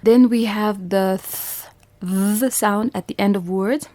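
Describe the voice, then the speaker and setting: A woman's voice: mid-range voice, fairly even intonation, slow, dark tone. A woman with a Bhutanese English accent, teaching a phonics lesson to young children, sounding out each letter and repeating every word patiently.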